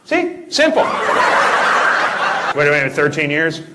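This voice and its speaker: A man on a comedy club stage, delivering a stand-up set with dry, deadpan one-liners and ribbing people in the crowd. His voice sits fairly high and swings widely in pitch. The live room adds a roomy echo and heavy noise behind him. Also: unhurried.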